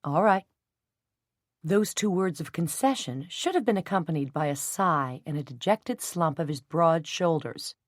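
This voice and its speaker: A woman narrating a novel in an even, measured storytelling voice. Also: sits low, dry recording, clean studio sound. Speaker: audiobook narrator. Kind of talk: scripted narration.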